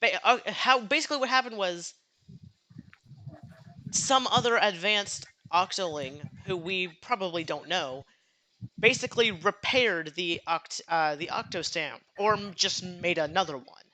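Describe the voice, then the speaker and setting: Bright, stammering young podcast host. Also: mid-range voice, measured pace. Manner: stammering, restarts sentences mid-explanation. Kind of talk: casual gaming chat.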